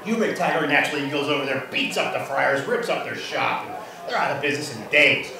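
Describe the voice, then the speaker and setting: A man's voice: lively intonation, a little fast, gravelly. A man telling a string of jokes to a room, acting out the characters in them. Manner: acts out characters with big jumps in pitch. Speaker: amateur joke teller. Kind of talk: deadpan joke telling to a room. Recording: echoey room from far off, crowd behind.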